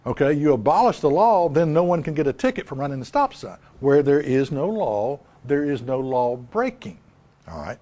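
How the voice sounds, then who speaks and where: A man's voice: fairly high pitch, big pitch swings, normal speed, mellow. A man preaching a live sermon, emphatic, asking rhetorical questions and repeating key lines. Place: live church service.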